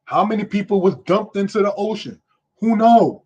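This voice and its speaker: A man's voice: sits high, a little fast, husky, lo-fi sound. A man teaching a history lesson in an emphatic, preacherly way, often checking in with his listeners. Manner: repeats "you understand?" and "brothers and sisters".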